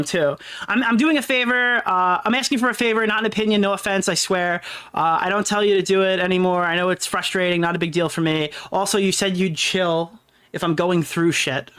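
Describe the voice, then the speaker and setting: A man's voice: high voice, a bit bright. A man in a played clip giving a defensive monologue. He sounds aggrieved and argumentative, stopping often on fillers.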